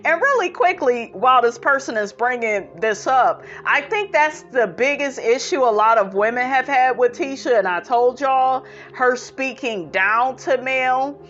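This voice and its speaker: Woman, high voice, sassy commentary host, reads viewer comments. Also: lively intonation, unhurried, hardly any pauses, a bit bright, highs cut off. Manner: sassy, calls viewers honey. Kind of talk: casual reaction commentary.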